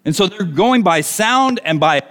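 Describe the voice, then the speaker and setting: A man preaching a sermon, animated and asking his listeners rhetorical questions. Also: sits high, a little slow. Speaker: pastor.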